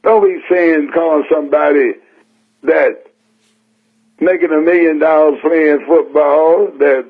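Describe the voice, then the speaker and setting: A man's voice: a little high, fairly even intonation, a little slow, slightly rough. An older man from San Francisco preaching a sermon in a folksy, emphatic way, repeating his points plainly. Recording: tinny phone-like radio broadcast.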